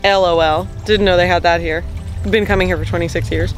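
A woman's voice: mid-range voice, moderate pace, soft background music. A young woman with a bubbly, giggly, chatty manner, talking casually to a handheld camera for her travel vlog. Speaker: vlogger.

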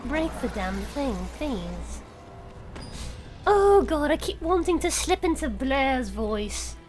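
A woman's voice: high-pitched, sing-song, slow, soft background music. A woman streaming a game, chatting casually with her viewers in a playful, mock-serious, joking way.

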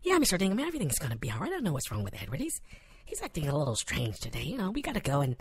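A woman playing a sensible wife on a comedy radio call-in, scolding her husband in a fast, exasperated way. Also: deep voice, huge pitch swings, slightly rough, exaggerated voice. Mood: chatty.

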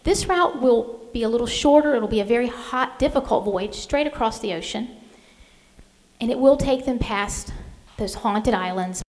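A woman's voice: on the high side, animated, moderate pace. A woman author giving a history lecture, telling the story expressively with dramatic readings. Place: lecture hall at a museum. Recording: long hall reverb.

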